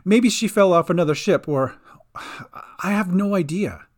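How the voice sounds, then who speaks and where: A man's voice: sits high, measured pace, pitched above the performer's own voice. A man voicing an earnest, protective young adventurer in an audio story, slightly raised above his own voice. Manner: earnest, urgent when giving orders.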